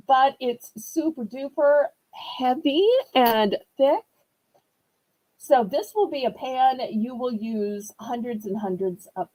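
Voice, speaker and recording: Presenting items in a live home shopping sale, a Southern-accented woman runs an online auction in a high voice with a dark tone. She's chatty and upbeat, singing prices playfully, though the audio is poor.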